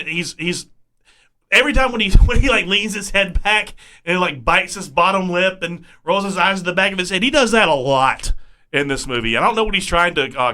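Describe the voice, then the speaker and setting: A high-voiced man gives amused commentary in a casual podcast conversation. His voice is bright and forward. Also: a little hiss or hum. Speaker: podcast co-host. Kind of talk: casual movie-review chat.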